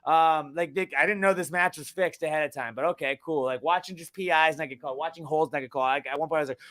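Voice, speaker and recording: A young man co-hosting a sports podcast, ranting heatedly and with lots of swearing, jumping between loud outbursts and low muttering. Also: fast, hardly any pauses. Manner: heated, profane, swings from shouting to muttering. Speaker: podcast co-host. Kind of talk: casual sports podcast rant.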